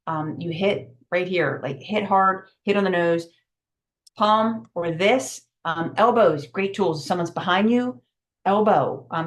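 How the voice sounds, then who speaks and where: A middle-aged woman giving a virtual safety training, brisk and emphatic with many fillers, over a video call. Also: on the low side.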